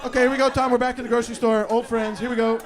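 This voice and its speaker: A man hosting a live improv comedy show who rambles loudly, swears and laughs. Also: very high voice, little pitch movement, rapid-fire, over a noisy crowd. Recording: live room with audience noise.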